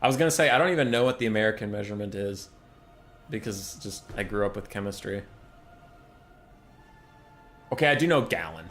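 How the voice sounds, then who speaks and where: A man chatting casually on a live stream as a game caster, ranting, with swearing and bursts of loud exasperation. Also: fairly low pitch, animated, fast, faint music behind.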